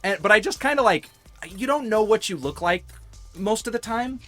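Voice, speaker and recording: A man co-hosting a gaming podcast, talking in a rambling, animated way and laughing often. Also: high voice, moderate pace, soft background music. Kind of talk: casual chat while playing a game.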